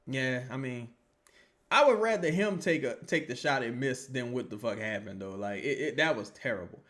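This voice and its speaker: Animated profane man calling a game. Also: mid-range voice, normal speed. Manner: profane, animated, heckling players; reads viewer comments aloud. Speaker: sports livestream host. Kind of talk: casual live game commentary.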